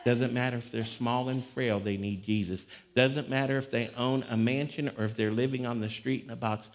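A male pastor preaching a sermon, swinging between conversational talk and sudden shouts. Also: mid-range voice, fairly even intonation, normal speed. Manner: fiery, shouting bursts between conversational stretches. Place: church. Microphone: live-streamed service mic.

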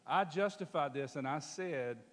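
A man preaching a storytelling sermon, animated and calling out to his congregation. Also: a little high, unhurried. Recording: long hall reverb.

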